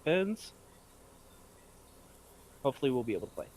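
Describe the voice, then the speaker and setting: Man, player and game master, casual joking chatter, mid-pitched, light noise floor. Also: a little fast. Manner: joking, rambling. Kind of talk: casual chat after a tabletop game stream.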